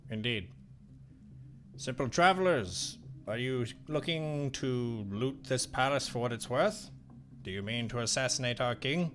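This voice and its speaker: A man's voice: mid-range voice, animated, a little slow, fairly bright tone, faint music behind. A man voicing a suspicious, formal palace honor guard captain with a thick accent.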